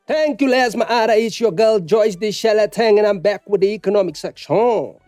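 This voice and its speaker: A man's voice: high-pitched, moderate pace, darkish tone, faint music behind, close to an everyday voice. A man playing a sassy woman economics reporter in a spoof news bulletin. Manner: sassy, cheeky newsreader tone. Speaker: comedy podcast host.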